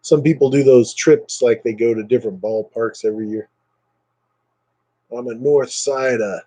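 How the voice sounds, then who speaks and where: A man's voice: medium pitch, normal speed, dark tone, rough recording. A man chatting casually on a live stream, rambling with lots of fillers and thanking viewers by name.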